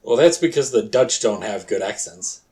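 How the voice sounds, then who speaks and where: A man's voice: medium pitch, animated, normal speed, a little mellow. A man co-hosting a podcast in casual chat, crude and joking, swearing freely. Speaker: podcast co-host and storyteller.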